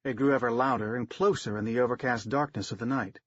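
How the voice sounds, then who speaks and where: A man narrating an audiobook in a steady, wry storytelling manner, in a dry, slightly dull recording. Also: medium pitch, quick pace, dry recording.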